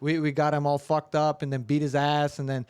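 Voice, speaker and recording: A man's voice: on the high side, level tone, fairly quick, a little mellow, clean tone, dry recording. A young man casually telling a long, rambling story as a podcast host. He swears often and acts out the lines he quotes.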